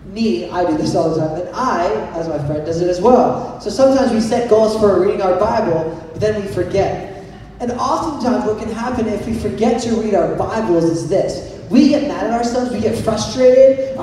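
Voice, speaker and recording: A man's voice: high voice, mellow, a little hiss or hum. A young man giving a playful, joking youth sermon, telling a story and asking the audience to raise their hands. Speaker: youth pastor. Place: large hall with an audience. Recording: echoey hall recorded from far off.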